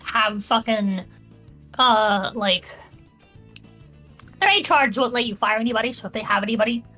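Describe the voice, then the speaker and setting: Bright-voiced woman podcast co-host; casual, profane, joking. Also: fairly high pitch, moderate pace, faint music behind. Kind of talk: casual chat, reading listener questions.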